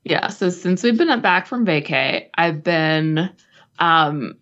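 A woman's voice: lowish voice, lively intonation, slow, fairly bright tone, dull audio. A young woman co-hosting a podcast in casual chat, joking and trailing off mid-sentence. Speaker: podcast co-host.

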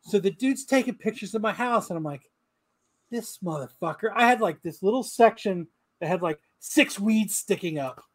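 Man with a high voice, foul-mouthed animated storyteller, podcast banter. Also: normal speed. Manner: profane, animated anecdote-telling. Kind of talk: casual podcast chat.

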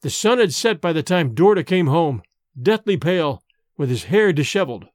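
Expressive male storybook narrator. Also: a little high, moderate pace, no room sound. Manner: expressive, dramatic first-person storytelling. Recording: dry close recording with faint music.

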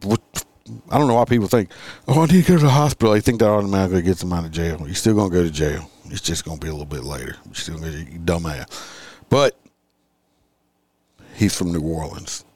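A man's voice: low voice, brisk, darkish tone, dry recording. A man hosting a casual livestream, reading out crime stories and chatting with his viewers in a sarcastic, profane, rambling way.

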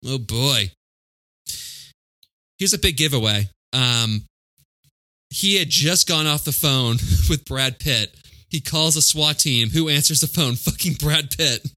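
A man's voice: fairly high pitch, slow, bright, forceful tone, no echo. A man hosting a casual movie-chat podcast, blunt and profane, laughing often. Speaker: podcast host.

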